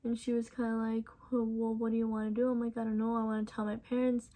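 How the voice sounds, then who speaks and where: A young woman in a casual storytime vlog, recounting events softly with many ums and restarts. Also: fairly high pitch, monotone, quick pace. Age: young adult. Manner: casual, soft-spoken storytelling with many fillers. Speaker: vlogger.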